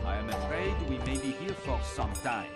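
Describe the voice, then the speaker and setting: A man's voice: mid-range voice, expressive, moderate pace, natural voice. An actor playing a polite, anxious male railway official who speaks formally and reassuringly. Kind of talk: game voice acting. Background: game music.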